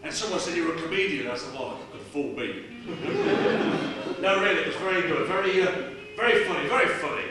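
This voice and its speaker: A man's voice: fairly high pitch, animated, a little fast, very noisy, natural voice. An actor playing a famous joking male stage comedian, firing off gags with a chuckling laugh in a stage play. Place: small studio theatre stage. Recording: roomy theatre sound from far off, music.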